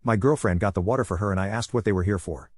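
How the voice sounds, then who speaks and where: Man, story narration, matter-of-fact, low pitch, dry close-up sound. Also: fast talker, slightly rough, no echo.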